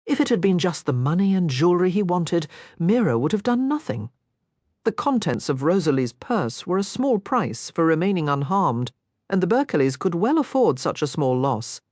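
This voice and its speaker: A woman narrating a romance audiobook in an expressive, scripted reading. Her voice is low, yet it rises and falls in an animated way. The recording is close and dry, with no sound of the room. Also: moderate pace, dry recording.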